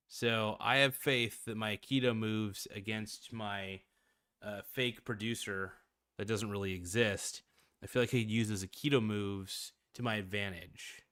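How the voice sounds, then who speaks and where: A man's voice: lowish voice, a bit bright, no echo, studio quality. A man hosting a casual finance livestream, loose and slangy, rambling with frequent restarts. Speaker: livestream host.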